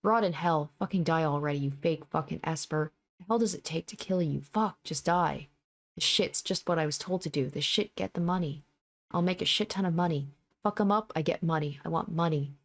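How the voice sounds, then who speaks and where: A woman reading the hateful, profane thoughts of vicious young male thugs, with snarling threats in a low voice. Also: fairly quick.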